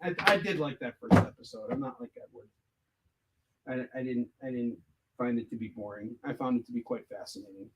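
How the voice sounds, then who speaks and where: A man's voice: medium pitch, very animated, fairly quick, creaky, fairly bright tone, slight background noise, rough recording. A man from the United States who creates comics, chatting casually and joking on a livestream Q&A while he counts stock aloud.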